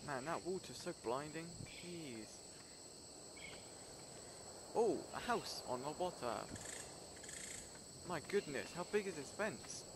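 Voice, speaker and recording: A young man giving casual let's-play commentary, excitable and jumpy, talking to himself and yelping when scared. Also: a little slow. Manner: excitable, jumpy, talks to himself, breaks into high panicked yelps. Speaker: gameplay streamer. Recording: loud game ambience and insect noise behind.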